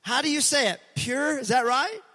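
A middle-aged male pastor with a high, bright-pitched voice delivers a lively sermon and keeps drawing the congregation in to answer back. His words ring out through a church with a long reverb trailing after them. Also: moderate pace. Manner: energetic, conversational, calls on the congregation to respond. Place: church sanctuary.

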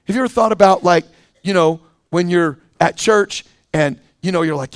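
A man with a fairly high voice delivers a sermon. He talks in a relaxed, conversational way, full of fillers and restarts. The sound is dry and close. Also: fairly quick, creaky, dry recording. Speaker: pastor.

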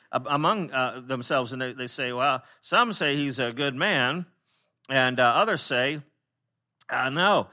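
A pastor preaching a conversational sermon, with many fillers and restarts, who acts out the people he quotes in lively voices. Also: mid-range voice.

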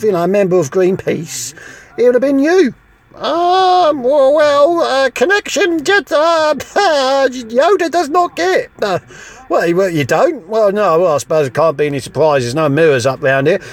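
A man playing a fed-up young male Jedi trainee in a comedic monologue, rambling and stammering with exasperation. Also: high-pitched.

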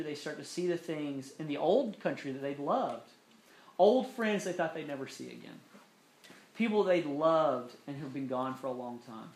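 A man preaching a sermon, earnest, with slow emphatic phrasing that drops softly into prayer. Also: on the high side. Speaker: pastor. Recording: echoey room.

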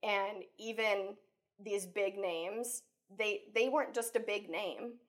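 A woman life coach talking casually as an interview guest, chatty and animated, acting out her own thoughts with lots of "like" and "you know.". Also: mid-range voice, takes it slowly. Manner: acts out her own inner thoughts while telling stories. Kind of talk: conversational interview.

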